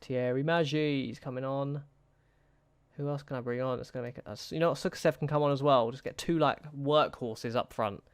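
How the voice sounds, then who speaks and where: A young man talks through a football management game in a smooth, clear voice at an ordinary pitch. He frets and pleads with his players, sighing between matches. The sound is dry and close. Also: a little fast, dry recording. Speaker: gaming YouTuber. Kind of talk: casual gameplay commentary.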